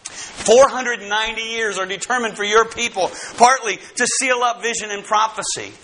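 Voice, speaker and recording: A man preaching a sermon to his congregation, dramatic, swinging from loud emphasis to hushed tones. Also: high voice, moderate pace, a little hiss or hum, poor audio. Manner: speaks straight to the congregation.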